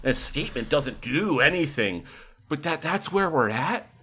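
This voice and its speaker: A man co-hosting a podcast in casual chat, laughing often and talking with animated, swearing outbursts. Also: on the high side, moderate pace, husky. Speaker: podcast co-host.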